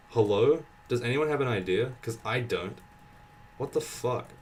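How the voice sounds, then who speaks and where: A young man commentating his own gameplay, exasperated and swearing, thinking out loud, sweaty and dry-mouthed. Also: medium pitch, expressive, normal speed, a little hiss or hum. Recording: slightly distant mic with keyboard typing. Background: faint keyboard typing.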